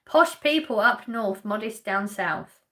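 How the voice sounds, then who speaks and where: Reading out viewer comments on her live stream, a woman from Essex, England, answers them in a casual, chatty way, with an Essex English accent. Her voice is medium-pitched, pushed and bright, with lively intonation and a measured pace. She laughs lightly and addresses chat questions directly.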